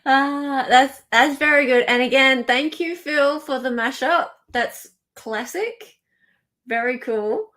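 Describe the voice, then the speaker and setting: A woman with an Australian accent hosting a casual live stream, chatting and joking with quick asides. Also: high voice, a bit bright. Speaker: livestream host.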